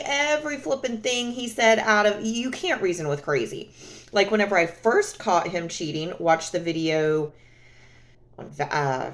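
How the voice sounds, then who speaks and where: A woman's voice: medium pitch, a bit bright. A woman vlogging to camera in a sassy, emphatic monologue. She leans hard on her words and keeps calling the listener honey.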